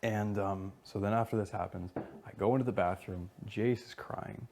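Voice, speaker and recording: A young man venting about a bad week with lots of cursing and side remarks. His voice is low and warm, with a gravelly edge. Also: normal speed, a little hiss or hum. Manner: animated, swearing, retelling scenes with asides. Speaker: reality show contestant. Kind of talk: casual storytelling chat.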